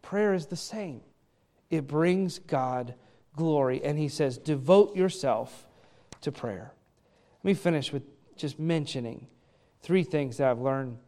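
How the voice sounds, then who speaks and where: A man's voice: medium pitch, a little mellow. A middle-aged man preaching a sermon, earnest and conversational, with many rhetorical questions. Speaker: pastor.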